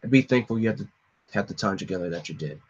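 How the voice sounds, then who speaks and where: Man doing a tired government agent, low and quiet, talking down to a kid. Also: animated, fast, husky, highs cut off. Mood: cold, dismissive. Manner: low, hushed, condescending. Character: cold, weary male government agent.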